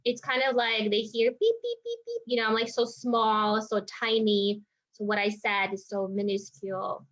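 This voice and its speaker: Speaking at normal speed with a flat delivery, this medium-pitched, fairly bright-toned woman talks through something she went through in a reflective vlog. As a healer, she meanders with lots of "like" and "you know." The sound is dull and lo-fi.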